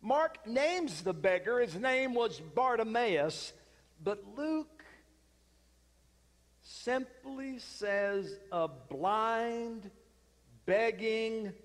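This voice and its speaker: A high-voiced man preaching a sermon, telling a story slowly and dramatically. His pauses hang in a large hall with a long echo. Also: animated. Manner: dramatic, slow retelling with pauses.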